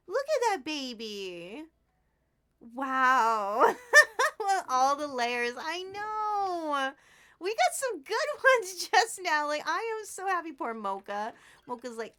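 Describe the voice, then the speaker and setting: Excitable girl streamer, high bright voice, squeals and gushes, talks kinda unhurried. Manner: excitable, gushing and squealing with delight; chatty, addresses viewers as sweethearts. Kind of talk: casual live gameplay stream chat.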